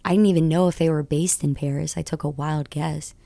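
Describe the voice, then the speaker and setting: A young woman rapper, a guest on a radio show, tells her stories in an excitable, tumbling rush. Her voice sits low and carries a gravelly fry. The studio mic sound is dry and close. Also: fairly quick, no echo. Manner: excitable, tumbling recounting with laughs. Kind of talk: animated storytelling interview.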